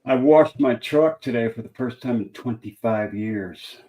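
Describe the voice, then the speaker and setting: A middle-aged man hosting a livestream, talking in a soft-spoken, laid-back way. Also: medium pitch, measured pace, rough recording. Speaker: livestream host. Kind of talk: casual chat.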